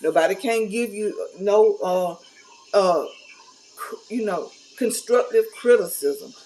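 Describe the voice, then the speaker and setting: A woman's voice: mid-range voice, unhurried, dark tone, slight background noise, low-quality recording. Blunt woman venting to camera. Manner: candid, blunt, folksy, preachy. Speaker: vlogger. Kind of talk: casual talk to camera.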